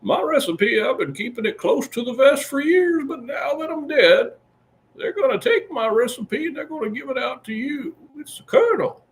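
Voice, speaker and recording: A high-pitched old chicken colonel. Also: male voice, lively intonation, moderate pace, slight background noise. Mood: pushy folksy. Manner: pushy, repetitive sales pitch, high strained voice. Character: elderly male fried-chicken colonel, folksy pushy salesman. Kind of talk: comic impression.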